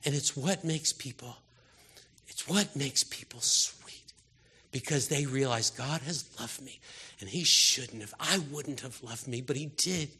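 Male preacher, husky and forceful, fervent sermon, from quiet murmurs to loud pleas. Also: mid-range voice, normal speed. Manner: impassioned, swings from hushed to loud exhortation.

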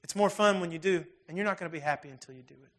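A pastor giving a sermon in a casual, conversational, earnest way, closing in prayer. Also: male voice, fairly high pitch, rapid-fire, fairly bright tone.

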